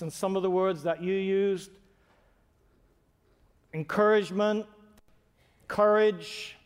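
A male pastor preaching a sermon, earnest and emphatic, leaning hard on key words. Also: sits high. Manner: emphatic, earnest, builds to raised stresses. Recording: long hall reverb.

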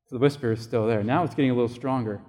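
A man's voice: medium pitch, fairly even intonation, very fast, darkish tone. Brief: male pastor, storytelling sermon, casual and conversational, plays out the dialogue, long hall echo. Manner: conversational storytelling, acting out quoted voices.

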